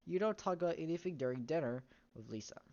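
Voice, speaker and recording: A low-pitched woman reads a story game aloud, now and then stopping to add wry remarks. Her voice comes through a dull, muffled home mic. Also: lively intonation, quick pace, darkish tone. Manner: reads text aloud, breaks off into wry comments and laughs. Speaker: game streamer.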